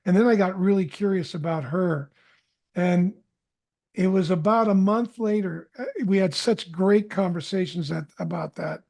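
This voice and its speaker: A middle-aged man with a fairly high voice tells a personal story as a podcast guest. He is candid and restarts his sentences often. He acts out the dialogue as he tells it. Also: normal speed, vocal fry, a little mellow. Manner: candid, self-correcting storyteller who acts out quoted dialogue.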